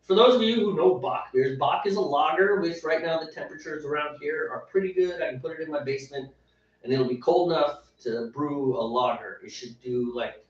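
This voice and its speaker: A man's voice: fairly high pitch, brisk. A man co-hosting a homebrewing show, chatting in a playful, joking way. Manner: playful, joking, laughing easily. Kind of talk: casual chat. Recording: roomy, distant, dull sound.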